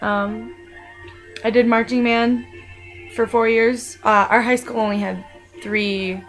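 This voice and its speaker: Chatty young woman, slightly high voice. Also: fairly even intonation, slow, soft background music, low-quality recording. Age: young adult. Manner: rambling and chatty, with many fillers and restarts. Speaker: vlogger. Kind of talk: casual personal monologue.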